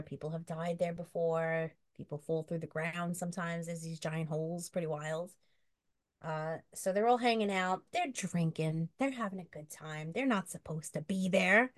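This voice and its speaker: Chatty, lower-voiced woman co-host. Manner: chatty, jokey, with many fillers like "you know". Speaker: podcast co-host. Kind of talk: casual chat and improvised storytelling.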